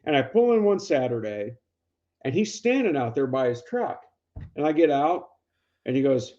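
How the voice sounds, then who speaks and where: A man's voice: mid-range voice, expressive, moderate pace, mellow, dull audio. A man co-hosting a podcast who tells casual, profane stories and acts out the dialogue. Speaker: podcast co-host. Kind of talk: casual storytelling chat.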